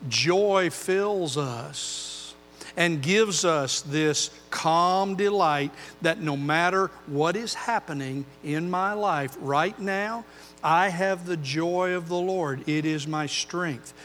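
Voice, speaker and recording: A man's voice: fairly high pitch, slow, slight background noise. Older male pastor preaching in a reverberant hall. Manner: earnest, swings from loud emphasis to quiet intensity. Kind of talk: sermon.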